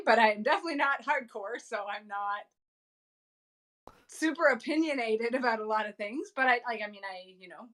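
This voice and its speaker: A woman's voice: mid-range voice, a bit bright. Easygoing woman guest on a video call. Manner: easygoing, hesitant, giggly. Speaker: guest streamer. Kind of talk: casual chat.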